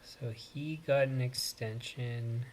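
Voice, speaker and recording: Male streamer, mid-pitched, slow and halting, thinking aloud; faint background noise. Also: steady tone, a little mellow. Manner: thinking aloud, unhurried, with many pauses and fillers. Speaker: host. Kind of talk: casual live-stream commentary.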